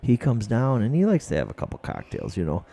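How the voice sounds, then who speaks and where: A man's voice: medium pitch, wildly swooping pitch, a little fast, creaky, warm tone. A man telling profane, rambling stories as a podcast guest, repeating his words as he goes. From United States. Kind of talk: casual storytelling.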